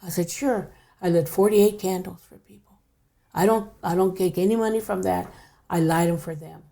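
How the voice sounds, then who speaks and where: Older woman guest for a podcast chat: low, dark, gravelly voice, soft and hushed delivery. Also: fairly even intonation, moderate pace. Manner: hushed, drops to near whisper at times. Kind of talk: casual storytelling.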